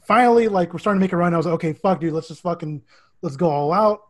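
A man co-hosting a sports podcast, his voice hoarse, chatting casually, swearing and laughing. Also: sits high, fast talker. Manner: profane, laughing, rambling. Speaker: podcast co-host.

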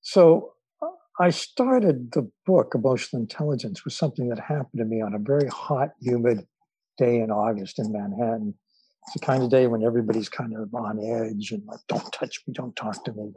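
Husky, mellow-voiced man telling stories. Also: medium pitch, dry recording, rough recording. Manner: thoughtful, unhurried, with frequent filler pauses. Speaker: interview guest, psychologist and author. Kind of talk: relaxed storytelling in conversation.

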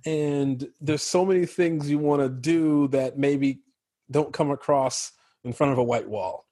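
A man from Chicago with an American accent, a guest actor chatting casually in an interview, relaxed and quick to laugh. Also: fairly high pitch, dry recording. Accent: General American. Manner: relaxed, laughs easily, many fillers.

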